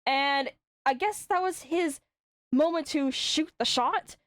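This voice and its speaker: High-voiced, foul-mouthed young woman streamer. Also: slow, dry recording, clean studio sound. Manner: swears often, rambling storytelling. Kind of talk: casual chat.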